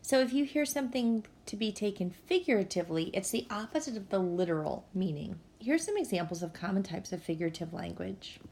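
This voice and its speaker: A woman's voice: mid-range voice, expressive, fairly quick, few pauses, darkish tone, a little hiss or hum. A woman teacher, explaining a lesson patiently and speaking directly to her students. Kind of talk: recorded classroom lesson. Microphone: tablet microphone.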